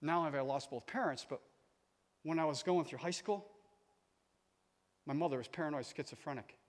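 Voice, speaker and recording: A man in his sixties preaches with a high, lively voice, telling stories and drawing the crowd in. He moves from quiet words to loud shouts. The voice rings with a long reverb, as in a large church hall. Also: normal speed. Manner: animated, swings from quiet to shouting; storytelling, calls on the audience. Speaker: guest preacher. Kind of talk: sermon.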